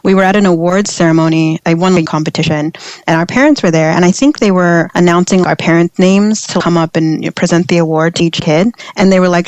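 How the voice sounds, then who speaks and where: A woman podcast guest from Switzerland raised in Texas, telling stories in a reflective, animated way. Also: fairly low pitch, quick pace, no room sound, rough recording. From born in Switzerland, raised in Texas. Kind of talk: casual conversation.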